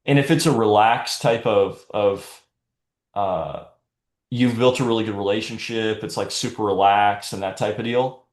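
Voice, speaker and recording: A man's voice: fairly low pitch, normal speed, roomy sound. A man giving a live sales training talk in a direct, coaching manner.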